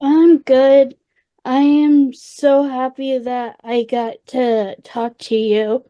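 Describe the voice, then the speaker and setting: A woman fan asking a question on a video call, eager and excited. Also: high voice, takes it slowly, dull audio. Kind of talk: casual chat.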